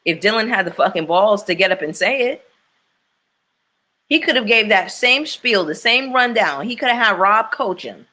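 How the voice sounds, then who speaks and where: A woman's voice: mid-range voice, expressive, normal speed, bright, forceful tone. A woman hosting a casual chat with her viewers, blunt and opinionated, swearing freely as she reacts to a reality show.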